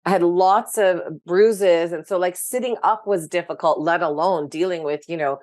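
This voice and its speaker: A woman's voice: on the low side, moderate pace, a little mellow. A woman, a guest speaking frankly and with animation about her own past, with many fillers. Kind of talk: candid personal story in interview.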